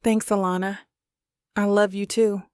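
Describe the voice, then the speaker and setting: A woman's voice: mid-range voice, level tone, a little slow, a little mellow, clear, resonant tone, no echo, studio quality, natural voice. A woman voicing a grieving mother who sounds shaky and tearful. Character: grieving middle-aged mother, shaky and tender.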